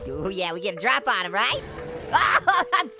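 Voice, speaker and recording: A man voicing a wisecracking male cartoon orange who plays a game, cracking puns and giggling nonstop in a squeaky, high voice. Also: wildly swooping pitch, normal speed, over music, full character voice. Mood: giddy, teasing. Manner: nonstop puns and cackling laughter. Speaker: gaming host. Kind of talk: gaming commentary.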